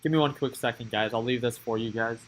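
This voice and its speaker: A man's voice: mid-range voice, fairly even intonation, fast, rough recording. A man giving casual live-stream commentary on stock market moves, chatty and thinking aloud as he watches the charts.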